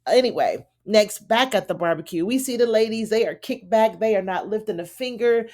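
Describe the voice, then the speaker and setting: A woman's voice: medium pitch, brisk, darkish tone. A woman giving a casual, chatty recap of a TV episode, retelling the scenes in her own words with plenty of fillers. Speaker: TV show reviewer.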